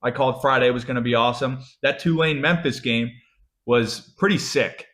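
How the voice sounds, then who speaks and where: A man's voice: medium pitch, fairly quick, echoey room. A young American man hosting a college football show, ranting with constant swearing and repetition. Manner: swears constantly, repeats lines, swings loud then muttering. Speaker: college football podcast host. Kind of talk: profane ranting sports talk.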